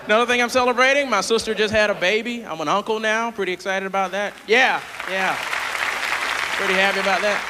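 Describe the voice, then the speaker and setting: A man from the southern United States doing a playful, animated stand-up comedy set on a large theater stage. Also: high-pitched, brisk, some chatter behind, a little hiss or hum. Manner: animated, playful, jumps into character voices. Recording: live theater hall with audience.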